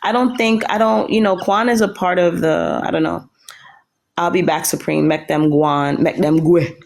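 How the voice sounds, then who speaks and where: A woman's voice: lowish voice, steady tone, moderate pace, gravelly, roomy sound. A woman hosting a casual livestream chat, blunt and swearing freely, rambling with restarts. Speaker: livestream host.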